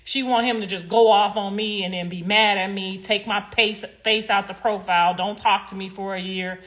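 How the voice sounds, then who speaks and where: A woman's voice: medium pitch, steady tone, normal speed, a bit bright, dull audio. A young adult woman hosting a casual livestream, talking straight to her viewers in a blunt, rambling way and swearing freely. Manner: sassy, talks straight to viewers. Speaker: livestream host.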